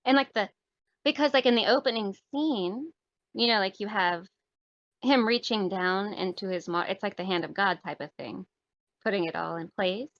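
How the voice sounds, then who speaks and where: A woman's voice: medium pitch, normal speed, dry recording. A woman who is a podcast guest, thinking aloud about a film with lots of likes and you-knows, her voice a little strained from talking. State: losing her voice. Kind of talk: casual movie review chat. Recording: dry, dull lo-fi sound.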